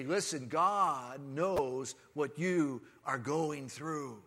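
An impassioned male preacher delivers a sermon, moving from hushed, measured passages to loud, soaring proclamations. His voice sits high and bright, and he takes his time. The sound carries a long reverb from a large hall. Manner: impassioned, swinging from quiet to loud.

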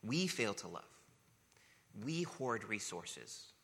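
A man's voice: fairly low pitch, very animated, slow, gravelly, a bit bright. A man preaching a sermon as pastor, earnest and emphatic, building points through rhetorical questions and repetition. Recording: long reverb of a large hall.

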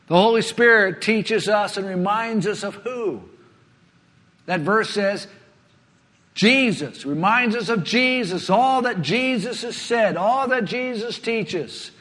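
A man preaching a sermon, earnest, often letting his voice sink to a hush before rising again. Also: high-pitched, animated, slow pace. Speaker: pastor. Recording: long hall reverb.

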